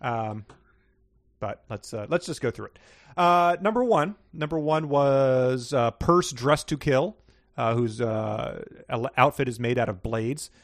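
A man's voice: mid-range voice, unhurried, dry recording, studio quality. A man hosting a guessing game, reading passages aloud and going over answers in a playful, stumbling way. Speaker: game host.

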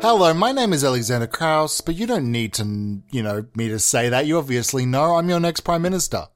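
A crude, incredulous prime minister, as a young man plays him, rambling in a loose comedy bit. The voice sits a little high for a man, full of casual swearing and disbelief. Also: lively intonation, a little fast, faint music behind, natural voice. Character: crude, bewildered new male prime minister. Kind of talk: improvised comedy monologue.

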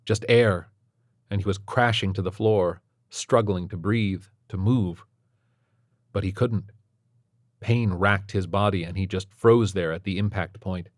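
Man with a low voice narrating a story. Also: unhurried, dry recording, studio quality. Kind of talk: scripted narration.

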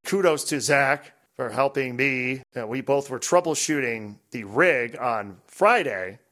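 A man hosting a podcast in a relaxed, rambling, casual chat. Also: mid-range voice, a little slow. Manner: relaxed, rambling, drifts off mic at times. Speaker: podcast host.

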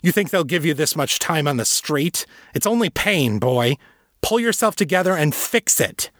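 A man's voice: lowish voice, expressive, measured pace, pushed and bright, husky, dry recording, studio quality, heavily acted. A man voicing a brutal, contemptuous father and warrior trainer who growls and barks in a fantasy audiobook. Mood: angry. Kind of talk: audiobook character reading.

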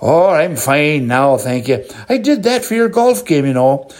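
A man's voice: animated, measured pace. A man voicing a cheery, pushy little male leprechaun in a told joke. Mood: eager. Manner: eager, prodding, squeaks up in surprise.

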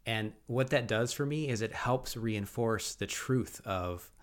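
A man's voice: mid-range voice, unhurried. A man co-hosting a faith podcast, talking in an earnest, thoughtful way with frequent restarts. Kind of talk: reflective faith podcast talk.

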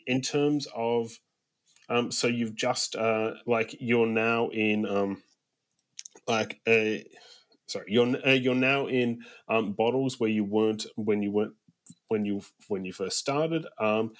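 A man hosting a podcast, asking long, stop-start questions full of fillers and restarts. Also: mid-range voice. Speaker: podcast host. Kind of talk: casual podcast chat.

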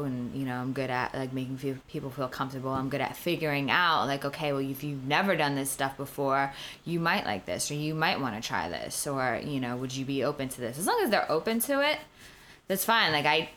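Low-voiced blunt New York woman. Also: fairly quick, a little hiss or hum. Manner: blunt, profane, animated storyteller. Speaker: podcast guest. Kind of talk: casual interview chat.

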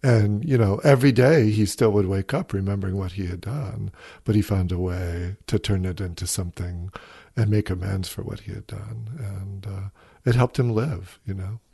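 A man, a psychologist guest on a podcast, explaining ideas in a thoughtful, measured way and telling stories. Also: lowish voice, gravelly, warm tone, breathy edge, no room sound, studio quality.

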